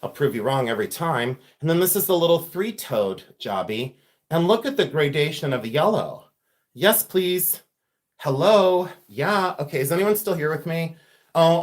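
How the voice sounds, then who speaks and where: A man hosting a live jewelry unboxing stream, chatting casually and joking about himself. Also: high-pitched. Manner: chatty, self-mocking, laughs often. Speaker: livestream host selling vintage jewelry.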